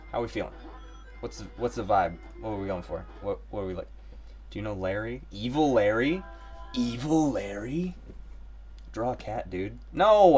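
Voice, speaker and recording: A man's voice: fairly low pitch, darkish tone. A man from Ohio chatting casually on a live stream, rambling and joking as he works. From Ohio, United States. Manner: rambling, joking, talks to himself. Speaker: livestreaming artist.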